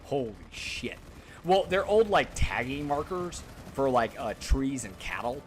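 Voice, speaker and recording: A man's voice: medium pitch, very animated, unhurried, soft background music. Rambling, swearing male game streamer. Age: 30s. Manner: rambling, swears a lot, talks to chat. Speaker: gaming streamer. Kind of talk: casual live-stream chat while playing.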